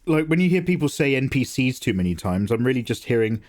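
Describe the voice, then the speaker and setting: This is a young man chatting on his live art stream. He jokes and swears freely as he reads and answers chat. His voice sits at a middle pitch but swings up and down a lot. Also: sing-song, fast, few pauses, darkish tone. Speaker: livestream host, artist. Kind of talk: casual chat while drawing live.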